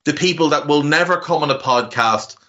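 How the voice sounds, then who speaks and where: A man's voice: fairly high pitch, fairly quick, bright, forceful tone, lo-fi sound. A man with a Navan accent from Ireland, hosting a casual podcast chat in a rambling, heartfelt way with casual swearing. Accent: Irish, Navan. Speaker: podcast host.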